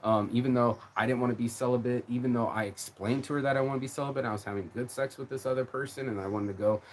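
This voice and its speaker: A man's voice: medium pitch, fairly even intonation, fast talker, slight background noise. Rambling, profane man ranting on a livestream. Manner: rambling, profane, emotional, with many repeated words. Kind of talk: casual rant on a live stream.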